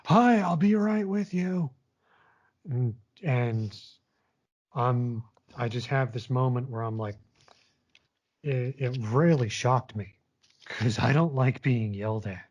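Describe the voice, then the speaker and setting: A man's voice: medium pitch, darkish tone. A man in his late twenties telling a long personal story in a candid, casual way, swearing often. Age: late 20s. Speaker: guest sharing his story. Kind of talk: casual conversation.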